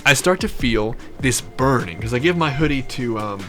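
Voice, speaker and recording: A man's voice: mid-range voice, expressive, normal speed, a bit bright, soft background music. A man hosting a podcast, telling a long story in a rambling, profane way with digressions.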